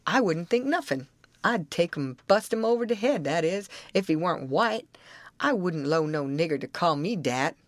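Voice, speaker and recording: Woman doing stubborn grown man, folksy drawl, insistent, lively swoops, audiobook, dry sound. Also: on the low side, moderate pace, dry recording, natural voice. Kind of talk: audiobook reading.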